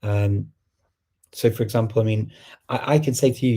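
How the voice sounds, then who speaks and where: A man's voice: on the low side, fairly even intonation, normal speed, mellow. A middle-aged man hosting a casual livestream Q&A, rambling and thinking aloud with many fillers. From England. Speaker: host. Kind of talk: livestream Q&A chat.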